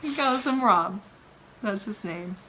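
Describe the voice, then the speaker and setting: A woman's voice: medium pitch, slow, a little hiss or hum. A woman hosting a vlog, chatting casually and teasing her husband, laughing often. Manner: giggly, teasing, animated. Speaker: vlog host, wife. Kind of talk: casual chat.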